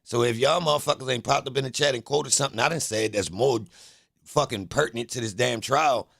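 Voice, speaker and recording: A man hosting a livestream rants bluntly and profanely at his chat, his heated commentary delivered briskly in a gravelly, mid-range voice with a fairly bright tone. The studio sound is clean, with no room sound.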